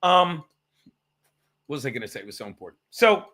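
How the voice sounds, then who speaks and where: A man hosts a casual livestream, rambling sarcastically and swearing often as he tells stories and reads chat. His fairly high voice is quick, pushed, and bright, with big swings in pitch.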